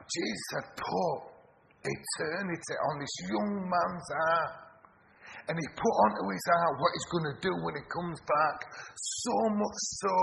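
A man preaching a sermon, telling stories and swinging between loud urgency and hushed tones. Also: on the high side, creaky. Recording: long hall reverb with background noise.

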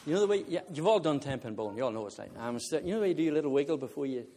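Male preacher, slightly high-pitched, animated storyteller who laughs and chats with the congregation. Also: very fast, slight background noise. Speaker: visiting preacher. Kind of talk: sermon with humorous personal story.

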